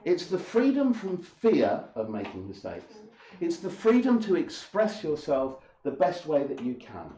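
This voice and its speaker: A man's voice: fairly high pitch, dark tone. A man lecturing an audience as an English teacher in a hall, speaking emphatically, with repetition and rhetorical questions. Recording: echoey hall.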